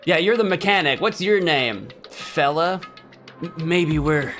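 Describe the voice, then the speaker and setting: A man's voice: on the high side, expressive, unhurried, a bit bright. A male let's play host who reads the game's dialogue aloud and jokes between lines in a playful way. His voice swings up and down a lot, with game music faint in the background. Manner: playful, joking, reacts with bursts of laughter.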